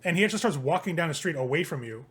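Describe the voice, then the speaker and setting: A man narrating a tabletop game as game master, in a relaxed, rambling way full of fillers. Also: on the high side, rapid-fire, slightly rough.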